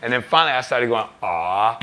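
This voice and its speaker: A musician telling a story in an interview, animated and laughing as he acts out other people's lines. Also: mid-range voice, moderate pace, music in the background. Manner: animated storyteller, laughing, acting out quoted voices. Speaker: musician and record producer. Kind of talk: telling an anecdote.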